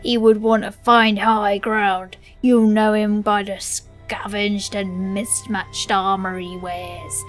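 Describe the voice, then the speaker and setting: A woman putting on a rough mock-Cockney voice as a wounded, greedy male orc, reading game quest dialogue aloud. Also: mid-range voice, level tone, slow pace, hardly any pauses, soft background music, close to an everyday voice. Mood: bitter.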